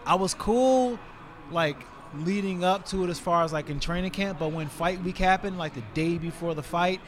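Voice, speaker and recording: A man in his forties talks as a podcast guest, sitting back and telling stories with plenty of fillers. His voice sits fairly high for a man, and he gets animated whenever he acts out a scene. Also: moderate pace, a little hiss or hum. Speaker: guest, retired fighter. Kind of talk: casual storytelling in conversation.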